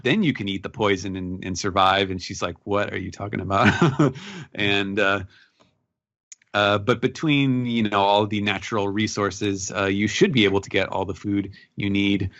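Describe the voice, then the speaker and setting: Low-voiced man recapping with many fillers. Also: fairly bright tone, no echo, highs cut off. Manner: halting, many fillers and restarts. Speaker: podcast co-host. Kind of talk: casual manga recap chat.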